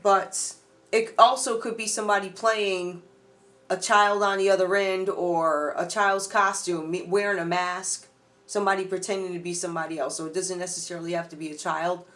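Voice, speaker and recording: A woman's voice: on the low side, fairly even intonation, normal speed, a bit bright. A woman doing a casual tarot reading, chatty and loose, talking straight to her viewers. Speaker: tarot reader.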